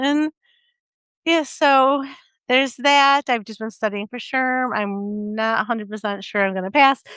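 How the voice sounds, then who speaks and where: A woman's voice: sits high, a bit bright, smooth, no echo. A middle-aged American woman hosting a podcast, chatting casually and laughing easily with her daughter. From United States. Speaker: podcast host. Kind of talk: casual chat.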